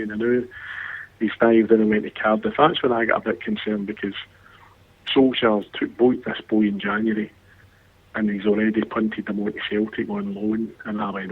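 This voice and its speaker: A man calling into a football phone-in, telling a long story in a quick, chatty way. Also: on the low side, vocal fry, husky. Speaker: regular caller. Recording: tinny dry phone line.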